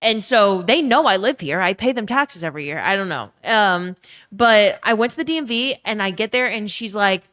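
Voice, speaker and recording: A woman's voice: mid-range voice, animated, normal speed, a bit bright. A young woman from Louisiana with a faded Southern accent, chatting casually on a live stream, swearing freely and greeting viewers by name. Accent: faded Southern American.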